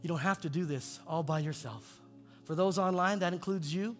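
A male pastor preaching in a church, his delivery swinging between soaring emphatic peaks and hushed low lines. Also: moderate pace. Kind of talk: sermon with altar call. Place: church sanctuary. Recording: long hall reverb with faint music.

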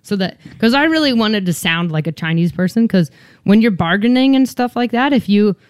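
Smooth-voiced, swearing, self-mocking woman chatting. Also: medium pitch, expressive, fairly quick, darkish tone, no echo, studio quality. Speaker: guest. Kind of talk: casual chat.

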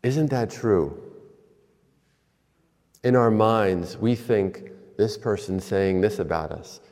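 A man preaching a sermon in a church, telling stories slowly with pauses. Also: on the low side, darkish tone. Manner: slow, storytelling with pauses. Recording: long hall reverb.

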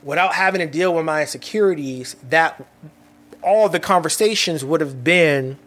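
A man talking on his own podcast, reflecting out loud in a quick, restless way, often repeating words and dropping slangy asides. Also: a little high. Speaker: podcast host. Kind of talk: reflective solo podcast monologue.

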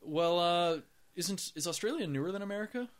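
A man's voice: high-pitched, lively intonation, brisk. A young Canadian man in casual chat, wryly explaining things and cursing freely. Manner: wry, explaining, profane.

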